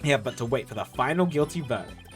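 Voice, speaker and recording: A man putting on a smug, menacing prosecutor who mocks his opponents in a lowered, drawn-out voice. The delivery is lively in pitch despite the sneer, with faint music beneath. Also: close to an everyday voice. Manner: low, slow, mocking delivery.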